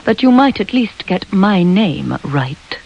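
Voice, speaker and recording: A woman's voice: medium pitch, very animated, takes it slowly, creaky, lo-fi sound, heavily acted. A woman voicing a stern middle-aged headmistress who talks coldly and scolds. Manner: cold and scolding.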